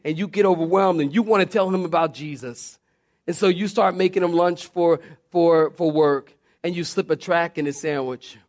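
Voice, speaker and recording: A man preaching a sermon, telling stories with humor, restarting phrases and speaking straight to his congregation. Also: sits high. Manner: animated storytelling with humor and repeated restarts; addresses the congregation directly. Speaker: pastor.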